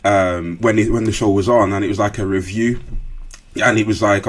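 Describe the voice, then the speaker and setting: A man's voice: lowish voice, fairly quick, slightly rough. A man hosting a podcast, chatting casually with lots of slang and loose restarts. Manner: relaxed, full of fillers and slang, hesitant restarts. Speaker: podcast host. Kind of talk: casual interview chat.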